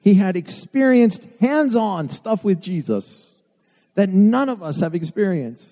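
A man's voice: high voice, lively intonation, a little slow, warm tone. A man preaching a sermon to his church, earnest with self-deprecating asides. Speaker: pastor. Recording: long hall reverb.

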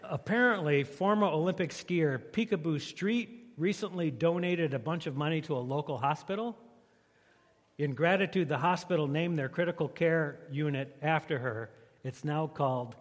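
A pastor preaches in an easygoing, joking way, his voice on the higher side for a man. It rolls out into a big space, trailing a long reverb. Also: normal speed. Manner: joking, conversational. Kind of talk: sermon.

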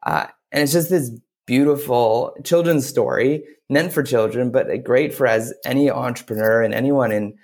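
A man's voice: medium pitch, moderate pace, few pauses, darkish tone. A man talking as a podcast guest, rambling with lots of fillers. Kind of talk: casual interview talk.

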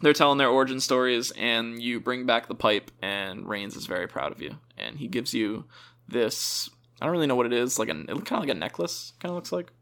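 A young man talks quickly through a casual gaming chat. His pitch swings widely as he rambles and corrects himself mid-sentence. He laughs often between thoughts. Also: animated, gravelly, fairly bright tone. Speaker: podcast co-host.

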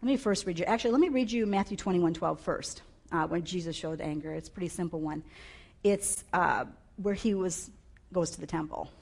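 A woman preaching a sermon on a clip-on mic, animated and emphatic, with sudden loud bursts. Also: fairly low pitch.

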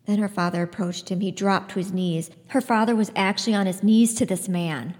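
A woman hosts a book podcast and narrates with lively storytelling emphasis. Her voice sits at a middle pitch. A long reverb trails behind her, as if recorded in a hall. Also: brisk, few pauses. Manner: expressive storytelling. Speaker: podcast host. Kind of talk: book review and reading aloud.

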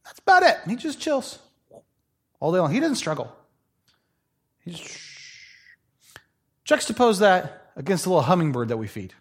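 A male pastor preaching a sermon in a conversational, animated way, telling stories with playful asides. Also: sits high, moderate pace, long pauses, slightly rough.

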